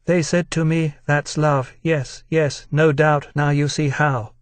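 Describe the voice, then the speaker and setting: A man reading the lines of a weary male servant from a bleak stage play, in a flat, toneless way. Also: fairly high pitch, takes it slowly, no echo.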